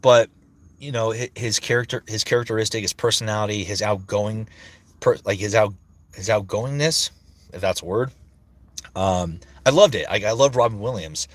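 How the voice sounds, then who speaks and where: A man in his thirties with a slightly low voice chats on a livestream. He is a voice actor, and he talks loosely and rambles as he searches for words. He swears freely. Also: moderate pace, no echo. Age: 30s. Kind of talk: casual livestream chat.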